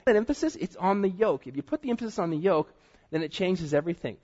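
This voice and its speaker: A man preaching a sermon in a lively way, sometimes dropping to a quiet, stressed delivery. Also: high voice, quick pace. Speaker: pastor. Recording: dull sound with long hall reverb.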